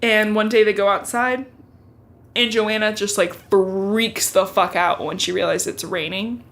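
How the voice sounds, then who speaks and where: A woman's voice: mid-range voice, fairly even intonation, unhurried, a bit bright. A young woman hosting a podcast, recapping a book in a chatty, profane way with lots of fillers. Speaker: podcast host. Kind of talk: casual book recap chat.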